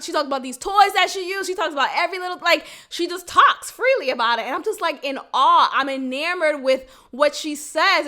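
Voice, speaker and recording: Woman podcaster, high voice, blunt n swears a lot, laughs a bunch. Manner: frank and profane, laughs often, animated. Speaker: podcast host. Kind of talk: candid casual monologue.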